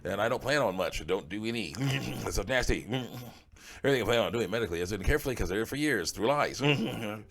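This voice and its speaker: An online commentator reads comments aloud and fires back blunt, dismissive retorts, chuckling often in between. His voice is fairly low, brisk and a bit bright with vocal fry and lively intonation, over a little hiss or hum.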